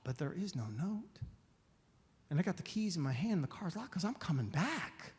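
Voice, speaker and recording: Guy preaching a personal story, kinda higher voice, acts out all the lines, long echo in the hall. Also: darkish tone. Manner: storytelling, acts out dialogue, emphatic pleading. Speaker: guest speaker. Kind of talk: inspirational talk. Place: church sanctuary.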